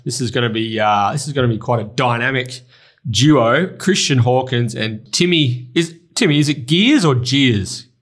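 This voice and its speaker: A man's voice: medium pitch, moderate pace. An Australian man hosting a racing podcast, chatting casually and introducing segments. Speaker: podcast host.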